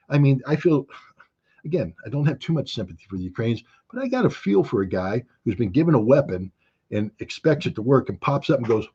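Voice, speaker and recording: A middle-aged American man, appearing as an interview guest and commentator, delivers heated political commentary in a mid-range, slightly mellow voice with a husky, breathy edge and a blunt, sarcastic bite. The audio sounds dull and lo-fi, as though over a remote interview link, and he repeatedly drops into mocking quotes of other people.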